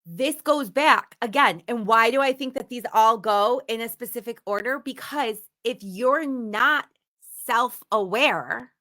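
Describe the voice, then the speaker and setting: A woman's voice: on the high side, measured pace, pushed and bright. A woman giving a motivational teaching talk, speaking emphatically and repeating words for stress. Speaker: instructor.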